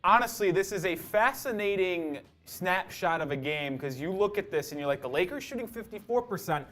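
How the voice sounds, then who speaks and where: A man co-hosting a live sports stream, walking through halftime stats in excited, casual talk. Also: high voice, moderate pace, soft background music. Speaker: co-host. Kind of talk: casual sports analysis chat.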